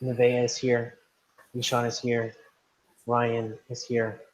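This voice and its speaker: A man's voice: medium pitch, completely flat delivery, slow pace, a little hiss or hum, rough recording. A man teaching an online class, patient, often checking understanding with "right?". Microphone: video call.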